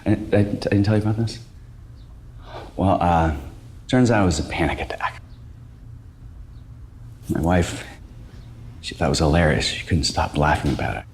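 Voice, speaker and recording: An actor playing an anxious, washed-up middle-aged male stand-up comic, talking in a halting, stammering, self-deprecating way in a film. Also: sits low, slight background noise. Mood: nervous. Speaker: stand-up comedian. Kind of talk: film stand-up set and show pitch.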